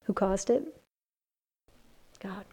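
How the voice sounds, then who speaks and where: A woman leads a Bible study for a group of women. Her voice is mellow and warm, set at a middle pitch. She talks earnestly, sometimes hushed and sometimes rising to strong emphasis. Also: very slow, slightly rough. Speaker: Bible teacher.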